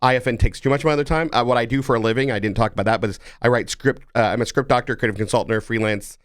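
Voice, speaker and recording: A man's voice: medium pitch, rapid-fire, smooth, no echo. A man, the guest, chatting in a studio in a rambling way with many restarts. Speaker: guest, film network president. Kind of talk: casual studio chat.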